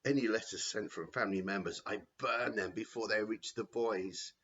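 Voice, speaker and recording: A man's voice: on the low side, moderate pace, fairly bright tone, dull audio, natural voice. A man voicing a cruel, power-hungry headmaster who boasts gleefully in a storybook reading. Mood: boastful.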